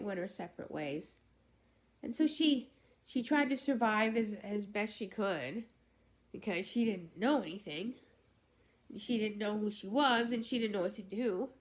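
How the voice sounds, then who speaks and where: Woman vlog host, unhurried casual storyteller, halting delivery, slightly high pitch. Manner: halting, with many fillers and restarts.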